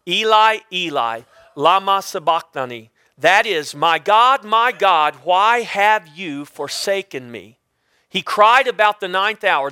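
A man's voice: sits high, pushed and bright, no echo, studio quality. A man preaching a sermon as pastor, rising and falling for emphasis and calling out to the congregation.

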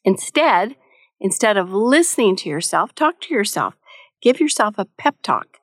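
A middle-aged woman delivers a devotional teaching talk with a motherly, practical manner and the odd wry aside. Her voice sits at an ordinary pitch for a woman. It is recorded dry, with almost no room sound. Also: very animated, measured pace, dry recording. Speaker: Christian devotional speaker.

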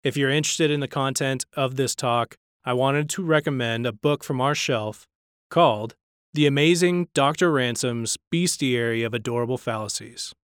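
A man with a smooth, resonant voice reads a scripted podcast intro. The sound is dry and close, with no room around it. His delivery is even and polished. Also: medium pitch, moderate pace, no echo. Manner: smooth, read-aloud delivery. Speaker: podcast host.

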